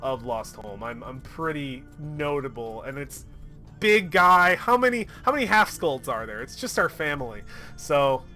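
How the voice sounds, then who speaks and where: Excitable, animated man narrating his game. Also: high voice. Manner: excitable and profane, laughing often. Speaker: solo tabletop game player. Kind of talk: casual narration of a solo tabletop game.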